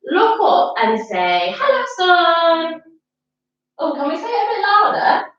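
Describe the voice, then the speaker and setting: A woman's voice: extremely high pitch, huge pitch swings, takes it slowly, a bit bright, roomy sound, highs cut off. Sing-song woman teaching kids' yoga. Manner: playful, sing-song, coaxing children. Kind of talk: children's yoga class.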